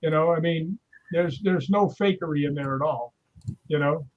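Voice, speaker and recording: A man's voice: fairly high pitch, normal speed, highs cut off. A man telling stories in casual chat on a live stream, acting out the voices he quotes. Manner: animated storyteller, acts out quoted voices. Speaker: guest.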